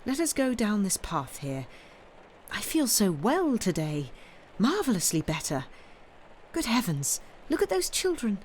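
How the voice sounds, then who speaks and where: A woman reading aloud voices a delicate, adoring invalid wife who talks in a light, breathy, gushing way. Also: medium pitch, very animated, measured pace, darkish tone, a little hiss or hum, pitched above the performer's own voice. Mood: delighted.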